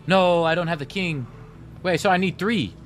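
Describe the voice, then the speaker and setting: A man's voice: high voice, normal speed, faint music behind. A man streaming live, chatting casually with his viewers and telling stories straight to chat. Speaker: gaming livestreamer.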